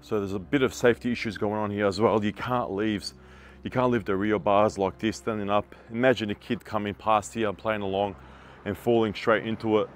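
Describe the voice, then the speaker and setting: Speaking briskly in a fairly low, fairly even voice, a building inspector walks through a construction site for his vlog. He flags defects bluntly and with plenty of exasperation, keeping it conversational and chuckling at how badly things were built.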